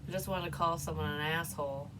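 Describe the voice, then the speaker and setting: A woman's voice: deep voice, steady tone, fast talker, recorded from a distance, noisy background. A middle-aged woman giving a casual tarot reading, rambling and frank and swearing freely. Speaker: psychic tarot reader.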